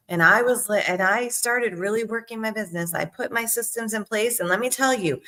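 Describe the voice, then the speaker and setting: A middle-aged woman sales coach talking casually to her viewers, animated and emphatic, with frequent "right?" and "okay?" asides. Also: fairly high pitch. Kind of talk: casual talk to camera.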